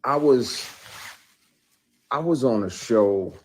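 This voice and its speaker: A middle-aged actor tells his story in a candid conversational interview, his medium-pitched voice expressive and slow. He talks about his acting work bluntly and emphatically, with plenty of profanity and growing intensity.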